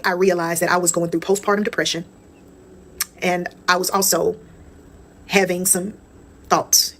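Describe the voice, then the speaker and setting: A woman's voice: lowish voice, a bit bright. A young woman telling a personal story to her viewers in a candid, casual, profane way. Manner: candid, profane, conversational, addresses viewers as y'all.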